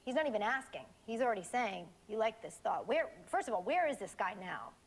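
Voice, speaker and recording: A woman on a TV show reading chat logs aloud and questioning someone in a calm, measured, probing way. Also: a little high. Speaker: TV interviewer.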